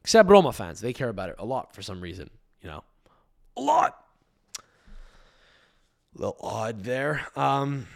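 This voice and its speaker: A man talks through a solo podcast in a loose, conversational way. He wanders from point to point, swears casually, and keeps circling back to repeat or restart his sentences. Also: on the low side. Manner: rambling, profane, repeats and restarts phrases. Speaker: podcast host.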